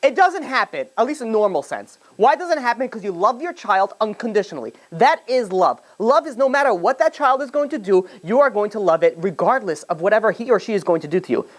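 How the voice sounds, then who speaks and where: A man, a rabbi, giving a conversational lecture to a live group, animated and jokey, with many fillers and restarts. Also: high-pitched, fairly quick, hardly any pauses. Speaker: rabbi teaching a class.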